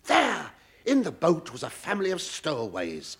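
Camp theatrical comedian. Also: male voice, on the high side, huge pitch swings, moderate pace, fairly bright tone. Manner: camp, theatrical, mock-indignant. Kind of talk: stand-up comedy monologue. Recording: noisy old broadcast recording.

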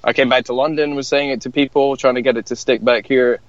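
A Scottish man, a podcast guest, tells stories in a relaxed, rambling, self-deprecating way. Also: mid-range voice, quick pace, no room sound, highs cut off. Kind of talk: casual storytelling chat.

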